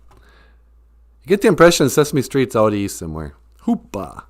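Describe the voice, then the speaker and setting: A man's voice: mid-range voice, big pitch swings, normal speed. A man hosting a casual live stream, rambling and joking while he reads out viewer comments.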